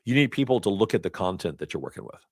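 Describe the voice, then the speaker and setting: A man with a low, deep voice leads a class in a loose, talkative way and drifts into little stories along the way. The sound is dry and close, with almost no room around it. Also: big pitch swings, fast, darkish tone, no echo. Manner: chatty, storytelling asides with laughs. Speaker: instructor. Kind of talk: casual lecture. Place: classroom or event hall.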